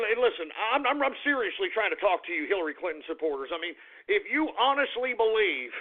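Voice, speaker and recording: A man hosting a talk radio show, ranting angrily at listeners and repeating himself as he builds up steam. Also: sits high. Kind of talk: political talk radio rant. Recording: phone-like lo-fi radio audio.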